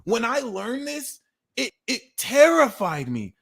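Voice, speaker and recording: A man in his thirties giving a livestream tarot reading, talking in a blunt, animated way and swearing freely. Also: extremely high pitch, slow pace, vocal fry, slightly rough. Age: 30s. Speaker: tarot reader.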